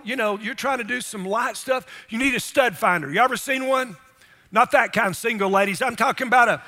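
A pastor preaching a sermon with emphasis, often asking the congregation rhetorical questions. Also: male voice, very high-pitched, pushed and bright, in a large hall.

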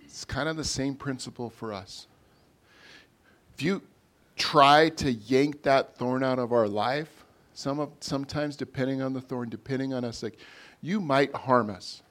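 A man, a pastor, preaching a sermon in a conversational way, his loudness rising and falling as he makes his points. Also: mid-range voice, unhurried.

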